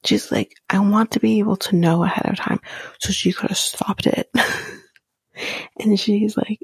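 A woman hosting a podcast, recapping a reality show in blunt, profane, animated casual chat, often half-whispering. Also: mid-range voice, moderate pace, gravelly, long pauses, husky, no room sound, clean studio sound.

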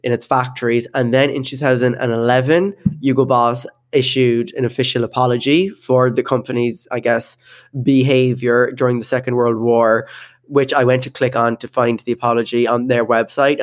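In a relaxed podcast chat, a male co-host talks at normal speed with a medium pitch and fairly even intonation. He rambles loosely, uses plenty of fillers, and laughs a lot.

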